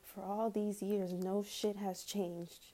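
A woman's voice: medium pitch, level tone, takes it slowly, dark tone. A woman ranting heatedly in a casual vlog, swearing often and breaking into nervous laughs.

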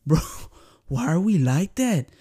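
A man with a Mexican accent, hosting a podcast in casual chat and telling stories with lively acted-out quotes and Spanish phrases. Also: medium pitch, moderate pace, dry recording, studio quality. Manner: animated storyteller who acts out quotes and slips into Spanish phrases. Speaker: podcast host.

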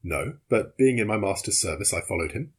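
A man with a husky voice voicing a calm, loyal young male servant who speaks politely and formally in a storybook reading. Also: on the low side, brisk. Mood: composed.

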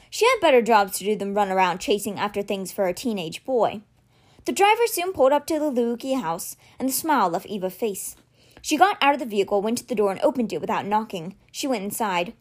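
A woman reading a novel aloud, shifting her voice for the dialogue. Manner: expressive, shifts pitch for dialogue. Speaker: audiobook reader.

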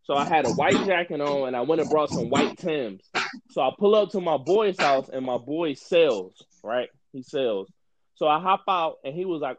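A man co-hosting a podcast, telling a story in relaxed, slangy casual talk. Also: a little high, moderate pace, dry recording, poor audio. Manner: laid-back, slangy storytelling. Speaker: podcast co-host.

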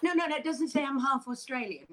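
An older woman guest in a casual interview, talking in an animated, bubbly and effusive way. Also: sits high, fast talker. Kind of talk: casual chat.

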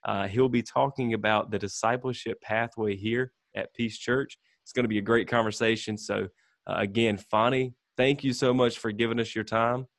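A man's voice: on the low side, fairly even intonation, normal speed. A man from the Southern United States with a Southern accent, hosting a podcast in a friendly, teasing, encouraging way. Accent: Southern American. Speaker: podcast host. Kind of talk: casual interview.

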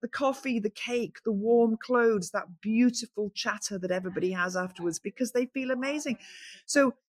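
Guest spot: woman with a very dry close sound, lively anecdotal storyteller. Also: on the high side, normal speed, no room sound. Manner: animated storyteller, acts out quoted voices. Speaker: guest, founder of a cold water swimming group.

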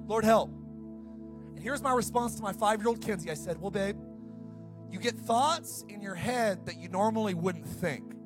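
A middle-aged male pastor preaching a sermon, fired up and shouting at times, then dropping to a soft storytelling voice. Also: high voice, a little slow, over music.

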